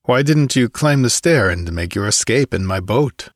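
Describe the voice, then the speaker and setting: A man's voice: medium pitch, expressive, normal speed, dry recording, studio quality, lightly acted. A man reading a story voices a cheerful, boastful barbarian warrior chief with a hearty delivery.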